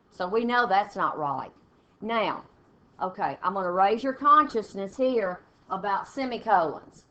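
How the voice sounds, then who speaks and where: A woman English teacher, walking a class through test punctuation questions step by step and reading example sentences aloud with pauses. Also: medium pitch, fairly bright tone. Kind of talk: classroom test-prep lesson. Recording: dull lo-fi classroom recording with faint noise.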